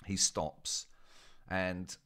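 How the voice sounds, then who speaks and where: A young man tells a casual story in a very deep, low voice. He is chatty and self-mocking, often turning to his listeners with asides. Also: little pitch movement, very slow, fairly bright tone, clean tone. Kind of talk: casual spoken anecdote.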